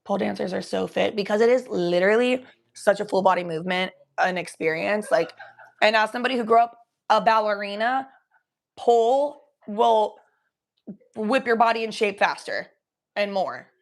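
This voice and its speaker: A young woman from the Cincinnati area talks loosely on a livestream, cursing freely and answering her chat as she goes. Her voice sits at a middling pitch with a gravelly fry running through it. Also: a little fast. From Cincinnati area, USA. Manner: chatty, swears freely, reads chat aloud, slips into baby talk for pets.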